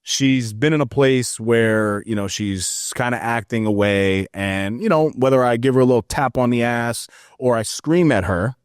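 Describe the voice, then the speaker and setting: A man in his thirties, a podcast guest, telling stories in an earnest, animated way and calling the listener brother. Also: medium pitch, moderate pace, hardly any pauses, clear, resonant tone, dry recording, clean studio sound. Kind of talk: casual interview chat.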